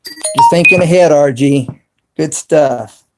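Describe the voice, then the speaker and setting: A man hosting a casual live stream from his cell phone, talking to viewers in the chat and spelling words out slowly and deliberately. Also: a little high, loud music behind the voice. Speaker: YouTube channel host live streaming.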